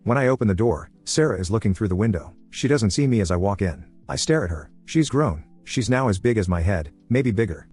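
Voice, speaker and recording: A man narrating a first-person story in a calm, even, plain telling. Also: fairly low pitch, husky.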